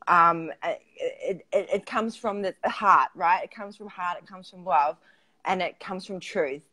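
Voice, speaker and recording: A woman's voice: on the low side, unhurried, bright, forceful tone. A woman, a tantra coach, telling a personal story in a casual way, with lots of fillers and frequent laughter. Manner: chatty, filler-heavy, laughs often.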